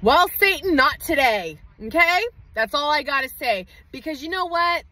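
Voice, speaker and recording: A mother livestreaming from inside her parked truck, venting in a heated, profane rant with quick outbursts. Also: high voice, expressive, sharp tone, dry recording, low-quality recording. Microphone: phone livestream.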